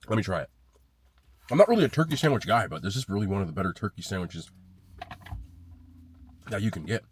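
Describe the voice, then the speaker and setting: A man talks through a casual food review, blunt and loose with his swearing as he scores each sandwich. His voice sits at an ordinary middle pitch. The sound is close and dry, with no room around it. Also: fairly bright tone, dry recording. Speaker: food vlogger.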